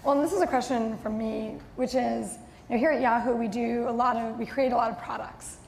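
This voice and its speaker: A woman's voice: on the high side, steady tone, a little fast, gravelly, darkish tone. A woman moderating a live audience Q&A, reading out questions with giggles and hesitant fillers. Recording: long reverb of a hall, faint noise.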